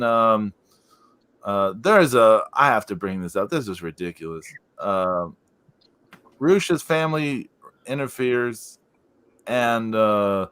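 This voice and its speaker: A man's voice: mid-range voice, a bit bright. A man co-hosting a podcast in casual chat, rambling with lots of fillers and laughing as he recounts things. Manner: amused, laughs while recounting. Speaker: podcast co-host.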